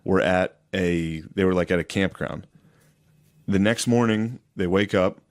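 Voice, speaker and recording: A man's voice: deep voice, a little slow, dry recording, clean studio sound. A man co-hosting a podcast, telling a rambling story in casual, profane chat with lots of restarts. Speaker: podcast co-host.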